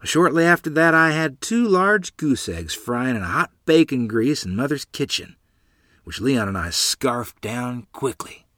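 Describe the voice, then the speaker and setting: A man reading his own childhood memoir aloud in a lively storytelling manner. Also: medium pitch, a little slow, no room sound, studio quality. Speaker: narrator.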